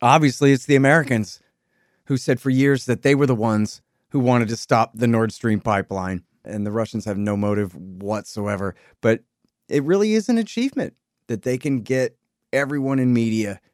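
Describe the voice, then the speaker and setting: A man's voice: medium pitch, normal speed, no room sound, studio quality. A man hosting a political commentary show, talking in a sarcastic, mocking way. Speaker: show host.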